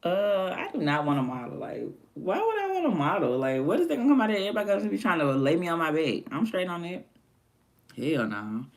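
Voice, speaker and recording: A woman's voice: lowish voice, big pitch swings, fast. A woman hosting her own stream, chatting candidly and animatedly in casual slang. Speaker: livestream host. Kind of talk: casual chat.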